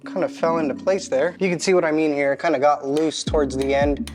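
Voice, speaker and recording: A casual home mechanic explains each step out loud as he works. His voice sits a little higher than most men's, and he keeps things loose and self-mocking. Faint music plays softly behind him. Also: a little fast. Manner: chatty, self-deprecating, talks to himself mid-task. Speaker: home mechanic channel host. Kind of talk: casual how-to narration while working.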